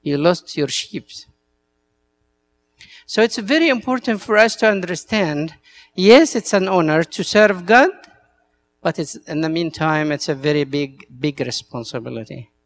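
A man's voice: fairly high pitch, animated, measured pace. A male priest with an Egyptian Arabic accent, a native Arabic speaker, giving an earnest talk to church servants and telling stories in broken English.

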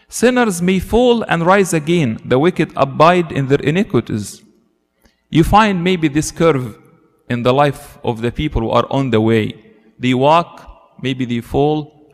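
Man, earnest sermon, long echo of a hall, pitch jumps up for emphasis. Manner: earnest, rises in pitch for emphasis, asks rhetorical questions. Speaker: preacher.

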